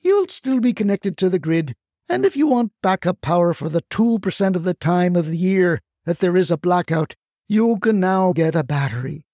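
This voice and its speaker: A man plays a feisty old grandmother, impatient and indignant, her voice jumping high into shrill scolding outbursts. The tone is gravelly and mellow, recorded close and dry for a storybook telling. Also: expressive, moderate pace, dry recording. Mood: ranting. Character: feisty impatient retired grandmother, older woman.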